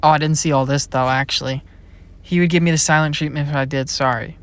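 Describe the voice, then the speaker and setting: A man's voice: fairly high pitch, fairly even intonation, fast talker. A young man, a college-age YouTube creator, chatting casually and rambling through a Q&A, often trailing off. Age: young adult. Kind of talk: casual Q&A chat.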